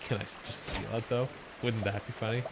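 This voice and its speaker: A man's voice: lowish voice, flat delivery, brisk, gravelly, very noisy. A man giving chatty, joking commentary while streaming a game. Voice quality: chatty, joking, self-deprecating. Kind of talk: casual gameplay commentary.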